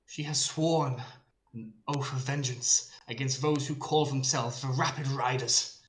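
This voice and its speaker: A man's voice: medium pitch, steady tone, a little slow, echoey room, slight background noise, lightly acted, rough recording. A man voicing a pompous male herald making a grand, formal proclamation to a crowd. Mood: proclaiming.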